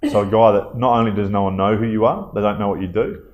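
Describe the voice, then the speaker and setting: The audio is dull as a thirtysomething Australian man with a fairly low voice tells stories as an interview guest. His manner is laid-back and conversational, with pauses on fillers and tangents into asides.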